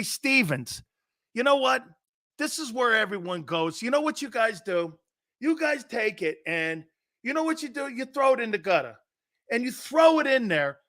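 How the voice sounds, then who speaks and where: A brash middle-aged man hosts a live sports talk show, reading chat messages and firing back with crude, joking banter. His voice sits a touch high and swings widely in pitch, which makes it lively and animated. He never stops needling his viewers.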